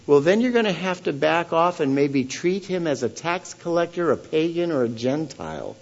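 A man giving a sermon as pastor, earnest and questioning the congregation, swelling to loud emphasis on key points. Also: a little high, sing-song, normal speed, lo-fi sound. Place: church.

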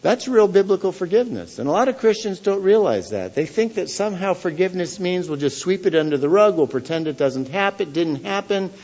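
A man giving a sermon as pastor, earnest and questioning the congregation, swelling to loud emphasis on key points. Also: sits high, sing-song, brisk, hardly any pauses, lo-fi sound. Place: church.

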